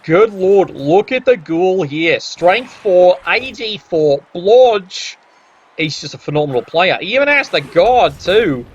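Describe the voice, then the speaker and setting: A man's voice: sits high, expressive, slow, husky. A man doing wry, sarcastic play-by-play commentary on a tabletop sports video game. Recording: dull lo-fi audio.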